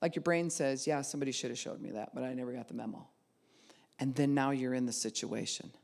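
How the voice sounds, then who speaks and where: A woman pastor preaching a sermon, retelling a scripture story with lively voices for its figures and rising to loud cries at its peaks. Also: a bass voice, fast, gravelly.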